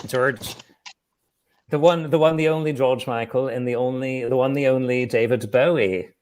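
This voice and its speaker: A man's voice: medium pitch, fairly even intonation, darkish tone. A man hosting an online comedy show from home. He rambles and stops often, mocking himself as he goes. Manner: rambling, halting, self-mocking. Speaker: host. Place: home, on a livestream call.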